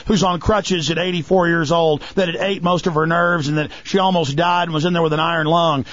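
A man's voice: high voice, fairly quick, few pauses, fairly bright tone, no echo, muffled recording. A radio talk show host, a man speaking in a heated, mocking way, putting on voices to ridicule others. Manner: mocking, sarcastic, acts out voices.

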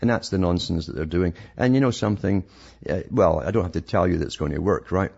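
A man's voice: deep voice, fast talker, gravelly, a little mellow, husky. A man giving a sarcastic, rambling monologue as a talk host, often restarting his sentences. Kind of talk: monologue reading news articles. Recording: dull lo-fi recording.

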